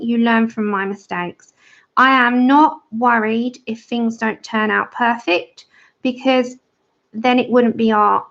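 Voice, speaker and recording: A woman hosts a casual livestream on her colouring channel, chatting and greeting viewers by name as she colours. Her voice is a little high and a bit bright, with vocal fry, and the stream audio is dull and lo-fi.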